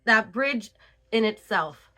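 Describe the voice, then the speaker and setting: A woman's voice: on the high side, animated, slow, pushed and bright. A woman hosting a casual album review, chatty and breaking into lyric snippets between her comments.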